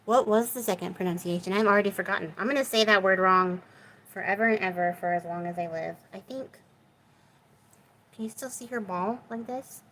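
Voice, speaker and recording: A woman's voice: medium pitch, brisk, fairly bright tone, a little hiss or hum, rough recording. Chatty woman crafting and talking. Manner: chatty and self-deprecating, talks to viewers as she works. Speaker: crafting video host. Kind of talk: casual crafting chat while working. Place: home craft room.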